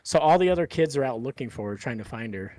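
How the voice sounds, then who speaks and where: A man's voice: medium pitch, lively intonation, fast talker, darkish tone, no echo. Laid-back swearing podcast guy. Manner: rambling, swears freely, many fillers. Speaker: podcast host. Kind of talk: casual podcast chat.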